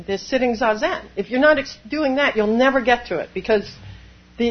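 A woman Zen priest giving a dharma talk, animated, laughing often and acting out inner voices. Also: fairly high pitch, muffled recording.

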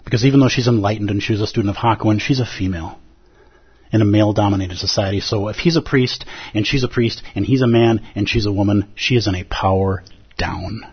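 A man's voice: fairly low pitch, brisk, husky. A man teaching as a Buddhist teacher in a conversational dharma talk, often asking his listeners rhetorical questions. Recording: dull lo-fi recording.

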